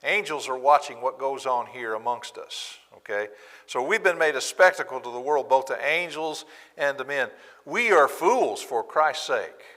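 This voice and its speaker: A man preaching a Bible class sermon in a church, talking in an animated way and acting out quotes with sarcasm. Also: medium pitch, moderate pace, big-room sound.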